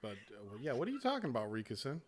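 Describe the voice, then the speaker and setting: A man hosting a casual gaming chat show, talking in a profane, animated way and laughing often. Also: mid-range voice, racing. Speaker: show host.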